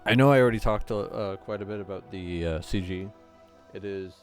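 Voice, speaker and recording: A man's voice: on the low side, brisk, faint music behind. A man hosting a gaming channel, giving casual, rambling play-through commentary with lots of hesitant fillers.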